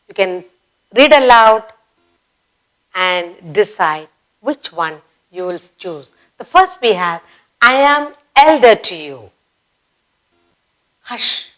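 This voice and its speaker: A woman teaching a grammar lesson for children, slowly acting out example sentences with expressive exclamations. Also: mid-range voice. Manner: slow, deliberate teaching delivery.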